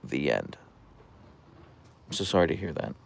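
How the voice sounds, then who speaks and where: Calm, creaky-voiced man chatting on a livestream. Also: a bass voice, moderate pace. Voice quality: calm, radio-like voice. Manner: soft-spoken, relaxed, reads viewer comments aloud. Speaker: livestream host. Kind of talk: casual live-stream chat reading comments.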